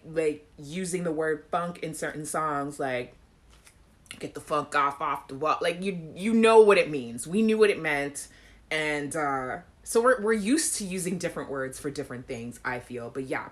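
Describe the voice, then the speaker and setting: A young Caribbean woman with a Caribbean accent, hosting a live chat show, reading viewer comments and chatting casually with frequent laughs and sung snippets. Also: sits low. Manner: animated, laughs often, acts out song lines.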